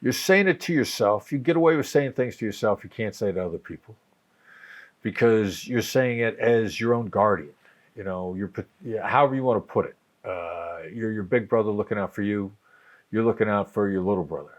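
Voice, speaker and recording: Older man, low voice, measured coach-style explainer, repeats phrases as he thinks. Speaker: guest, negotiation coach. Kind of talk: conversational explaining.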